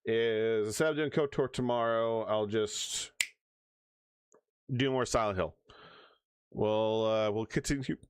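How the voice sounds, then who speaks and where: A man's voice: lowish voice, takes it slowly, pauses often, slight background noise. A man livestreaming, chatting casually and rambling as he plans his next streams, with hiccups. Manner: rambling, restarts often, hiccups.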